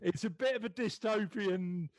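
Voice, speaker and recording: A British man hosting a podcast, chatting casually in a friendly, halting way and often repeating words as he starts his sentences. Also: sits high, no room sound. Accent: British English. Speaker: podcast host. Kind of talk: casual interview chat.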